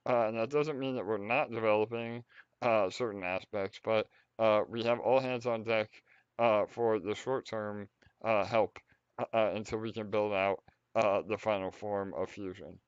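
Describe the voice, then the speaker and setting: Man, casual project update, halting with fillers, smooth voice, muffled call audio. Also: fairly low pitch, steady tone, no room sound. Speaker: project lead hosting a community update.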